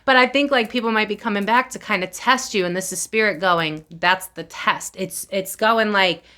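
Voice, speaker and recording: A woman's voice: medium pitch, moderate pace, bright, forceful tone. A young woman giving a chatty tarot reading, full of slang and swearing, laughing often and acting out quoted voices with big swings. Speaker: tarot reader. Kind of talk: casual tarot reading to camera.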